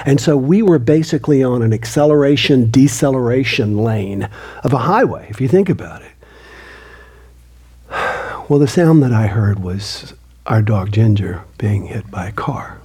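A man tells a personal story to an audience in an earnest way. His voice is very breathy and husky, with a mellow, warm tone. He often sinks into a hushed near-whisper. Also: mid-range voice, lively intonation, normal speed. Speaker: motivational speaker and author.

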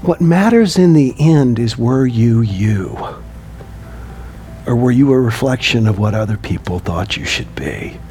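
A man, lecturing a class and quizzing the room with lively, emphatic delivery. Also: mid-range voice, a little slow, soft background music. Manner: lively, asks the room questions. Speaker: teacher.

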